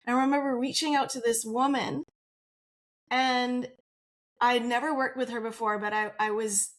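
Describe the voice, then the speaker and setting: A woman's voice: a little high, fairly even intonation, normal speed. A woman guest on a podcast interview, telling her personal story in an open, earnest way and laughing often.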